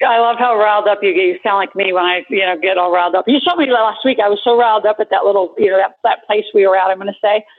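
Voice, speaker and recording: A woman's voice: medium pitch, steady tone. A woman hosting a talk show, chatty and filler-heavy in casual conversation. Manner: chatty, quick-talking with many fillers. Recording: tinny phone-like radio sound.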